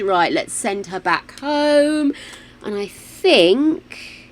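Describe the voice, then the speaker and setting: A woman's voice: mid-range voice, measured pace. A woman, chatting casually while streaming a game at home, playful and full of exclamations. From United Kingdom. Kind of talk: casual gameplay chat. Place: home room with a fan running.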